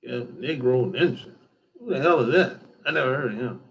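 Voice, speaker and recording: Man, loose rambling livestream talk, swears freely, bright forceful tone. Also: mid-range voice, normal speed, creaky. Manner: rambling, loose and profane, repeats himself. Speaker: dating advice YouTuber. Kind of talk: casual livestream chat answering viewers. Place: home in Atlanta.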